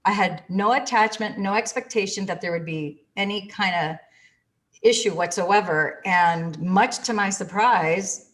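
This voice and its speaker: A woman hosting a casual group discussion about relationships, telling stories in an animated way and acting out quoted lines. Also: medium pitch, unhurried. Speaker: discussion host.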